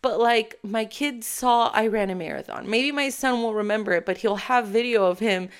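An animated woman talks straight to camera in a casual motivational style. She leans hard on her emphasis, and her voice swings as she acts out her own inner thoughts. She sounds sure of herself throughout. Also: fairly high pitch, normal speed, clean tone. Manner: self-assured. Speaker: motivational vlogger.

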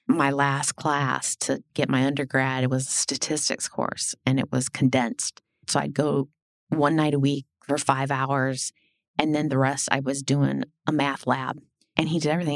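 A middle-aged woman telling her life story as a podcast guest, animated and blunt, swearing and acting out what people said. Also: low voice, gravelly, no room sound, studio quality. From Illinois. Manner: animated, swearing, acts out quoted dialogue. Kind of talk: casual storytelling interview.

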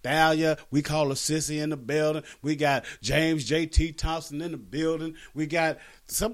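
A man's voice: a little high, brisk, hardly any pauses. A man hosting a casual podcast, talking playfully and laughing often. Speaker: podcast host.

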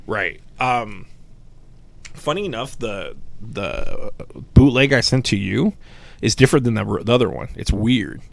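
Man, deep gravelly voice, dry recording, loose swearing podcast chatter. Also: a little slow, dry recording. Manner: rambling, animated, swears casually. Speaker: podcast co-host. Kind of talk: casual podcast chat.

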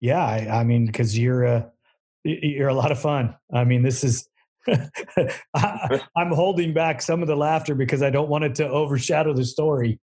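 A man's voice: mid-range voice, moderate pace, a little mellow. A man hosting a casual interview show, friendly and a bit stammering, laughing along with his guest. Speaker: podcast host.

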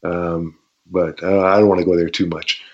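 Brief: Canadian ex-wrestler, guest storyteller, low voice, dull lo-fi audio, acts out the action. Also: male voice, normal speed. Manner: animated, acts out shouts and sound effects, laughs often. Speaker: interview guest, former pro wrestler. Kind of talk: casual storytelling interview.

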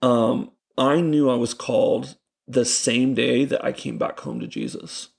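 A young man, a youth pastor, telling animated stories in casual chat with lots of fillers. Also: medium pitch, unhurried, creaky, husky. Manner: animated, laughing storyteller with many fillers. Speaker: youth pastor, podcast guest.

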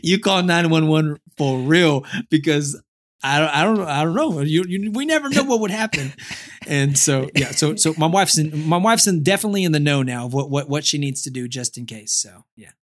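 Young man in casual chat, slightly higher voice, tells stories with lots of restarts and bursts of animation. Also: normal speed. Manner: animated, many restarts and repeated words.

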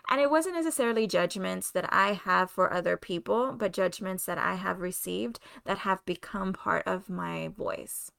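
Woman, Spanish accent, heavy vocal fry, candid confessional podcast talk, mid-range pitch. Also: moderate pace, few pauses, a bit bright. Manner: open, confessional, searching for words. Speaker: podcast host. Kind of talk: candid solo podcast monologue.

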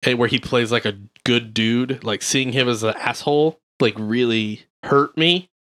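A man co-hosting a casual podcast, talking in an animated, joking way and swearing freely. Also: mid-range voice, a little slow. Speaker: podcast co-host. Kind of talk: casual chat.

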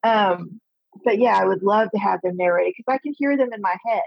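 A woman's voice: medium pitch, fairly quick, gravelly, breathy edge, no echo, muffled recording. A woman author from Texas, a guest on a casual interview, friendly and teasing as she talks. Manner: friendly, teasing, laughs at herself.

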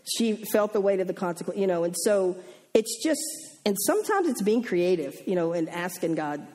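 Southern woman, church storyteller, lively and chatty, middle pitch. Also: normal speed. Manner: animated, acts out the people in her stories. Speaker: pastor's wife and teacher.

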